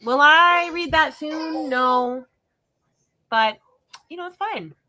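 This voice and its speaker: A woman co-hosting a livestream, chatting casually and reading viewer messages aloud, bubbly and giggly. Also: sits high. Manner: bubbly, giggly, talks fast and animated. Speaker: livestream co-host.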